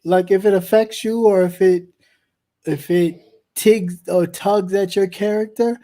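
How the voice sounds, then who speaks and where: Laid-back man, mellow voice. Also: sits high, steady tone, measured pace. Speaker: co-host. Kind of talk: casual livestream chat.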